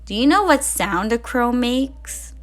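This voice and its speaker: A woman reading a story aloud to young children, expressive and asking them questions along the way. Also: on the high side, a little slow. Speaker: early years educator.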